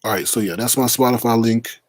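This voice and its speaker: A man's voice: mid-range voice, brisk, no echo. A man hosting a casual late-night live stream, greeting viewers by name in a playful, teasing way.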